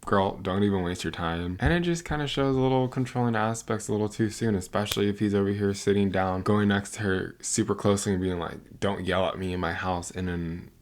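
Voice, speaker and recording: A woman with a notably deep voice gives blunt, sassy reactions in casual commentary. She exclaims and scolds freely, talking straight to her viewers. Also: brisk, few pauses, darkish tone. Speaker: reaction video host.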